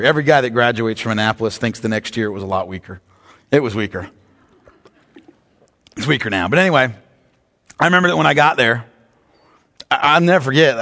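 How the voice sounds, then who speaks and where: A man with a notably high voice preaches a sermon, stretching key words and then rattling off quick asides. He sounds middle-aged. The words ring out in a long hall reverb. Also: a bit bright. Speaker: pastor.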